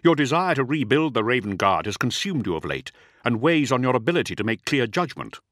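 A man voicing a calm, loyal male officer who speaks earnestly and in measured tones. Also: medium pitch, no echo, clean studio sound, pitched above the performer's own voice.

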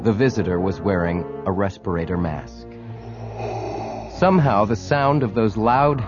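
A man narrating an audiobook with measured, dramatic storytelling. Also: lowish voice, lo-fi sound. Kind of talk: scripted narration.

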